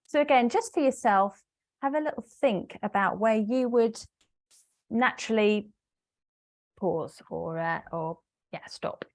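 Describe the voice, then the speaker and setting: A woman's voice: a little high, unhurried, pauses often, a little mellow. Woman trainer teaching an online webinar. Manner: hesitant fillers, explanatory, talks to a live audience. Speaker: business English trainer.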